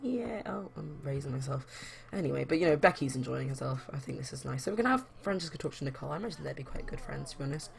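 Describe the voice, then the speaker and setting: A woman's voice: rumbling low, very fast, creaky, few pauses. A young woman chatting casually as a let's play host, rambling with lots of fillers. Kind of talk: casual game commentary.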